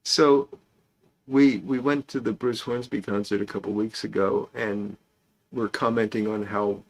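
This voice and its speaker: Gravelly man hosting a casual livestream. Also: fairly low pitch, steady tone, measured pace. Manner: rambling, chatty, greets viewers by name. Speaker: host of a pipe smoking livestream.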